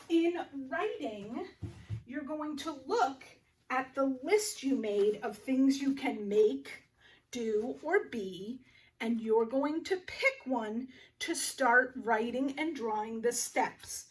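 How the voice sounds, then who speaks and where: A first grade teacher, a woman, leading a phonics lesson for young children and sounding out words slowly, with little gasps of discovery. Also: on the high side, far from the mic.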